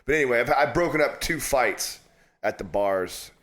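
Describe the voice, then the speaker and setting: A man's voice: mid-range voice, animated, moderate pace, fairly bright tone. A man, a guest on an interview show, telling stories in casual chat with heavy swearing and laughing asides. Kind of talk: casual storytelling. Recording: roomy echo.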